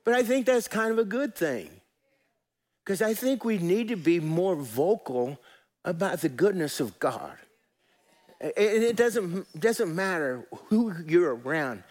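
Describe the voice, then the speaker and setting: A pastor preaches with a high, bright-edged voice. He is folksy and animated, dropping soft and then rising loud as he calls on his congregation to join in. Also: a little slow. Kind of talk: sermon.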